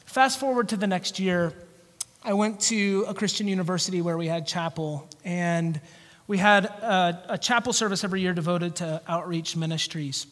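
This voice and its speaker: A male pastor preaching a sermon with animated storytelling. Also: sits high, moderate pace. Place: church sanctuary. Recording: long church hall reverb.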